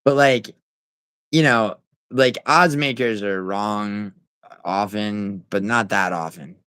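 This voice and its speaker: A man's voice: lowish voice, takes it slowly, a bit bright, smooth, dry recording, poor audio. A man hosting a casual livestream, rambling with many fillers and restarts, swearing and answering chat. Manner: talks back to chat viewers. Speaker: livestream host.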